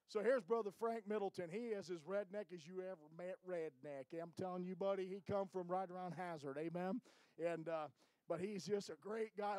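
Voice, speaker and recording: A man's voice: high-pitched, darkish tone, dry recording, rough recording. A middle-aged man, a missionary church planter, giving a folksy, informal report to a church and often tagging his lines with "amen?".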